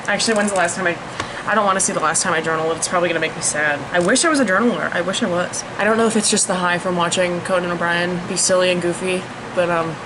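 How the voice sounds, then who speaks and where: A woman's voice: fairly low pitch, steady tone, quick pace, background noise. A woman in her twenties talking casually to camera in a vlog, chatty and self-deprecating, with loose, profane asides. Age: 20s. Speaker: vlogger.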